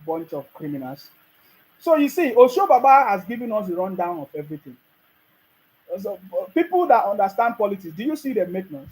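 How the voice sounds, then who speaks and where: Brief: Nigerian man, very high voice, scolding political commentary, laughs often. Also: big pitch swings, fairly quick, a little mellow, low-quality recording. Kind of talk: ranting monologue.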